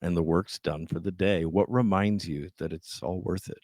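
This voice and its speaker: A man hosting a podcast interview, asking prepared questions in a measured way. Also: sits low, steady tone, a little mellow, no room sound, clean studio sound. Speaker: podcast host.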